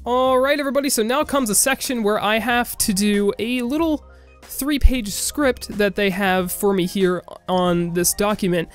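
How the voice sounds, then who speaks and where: A man's voice: high-pitched, moderate pace, clean tone, faint music behind. A young man vlogging casually as a gaming YouTuber, chatty and self-deprecating, laughing at himself. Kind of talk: casual vlog to camera.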